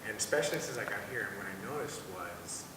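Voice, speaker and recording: A man in a class sharing a personal story, halting and self-mocking with many restarts. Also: fairly low pitch, expressive. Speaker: class participant. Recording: distant, echoey hall with noise.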